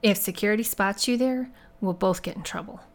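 A woman's voice: mid-range voice, a little fast, close to an everyday voice. A woman voicing Kay, a tired, defensive woman in her forties, in an audiobook reading.

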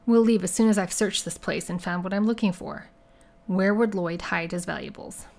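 A woman's voice: mid-range voice, moderate pace, creaky, a little mellow, close to an everyday voice. Woman reading a cocky male private eye, dry, self-assured, audiobook. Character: cocky male private investigator, calm and bold.

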